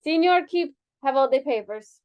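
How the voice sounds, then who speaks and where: A woman's voice: sits high, expressive, moderate pace, lo-fi sound, voice pushed up. A woman reading aloud, voicing a boastful, theatrical woman dancer in a put-on mock Spanish accent and broken English. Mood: haughty. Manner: grand, haughty, broken English.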